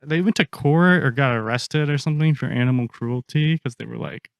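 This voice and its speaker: A man's voice: medium pitch, a little fast, gravelly, clean tone, no room sound, clean studio sound. A man co-hosting a podcast, telling stories in casual chat with a loose, swearing manner. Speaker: podcast co-host.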